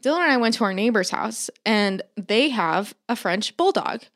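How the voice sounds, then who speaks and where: A woman's voice: mid-range voice, moderate pace. A young woman co-hosting a podcast. She tells a story in casual chat, acting out quotes and laughing often. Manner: animated storytelling with acted-out quotes and frequent laughs. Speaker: podcast co-host.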